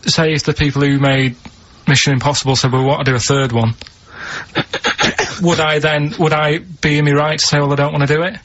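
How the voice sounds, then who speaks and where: A man on a radio show, talking in a deadpan way and musing over odd questions. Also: on the high side, a little fast. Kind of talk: radio studio banter. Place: radio studio. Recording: slightly muffled radio broadcast.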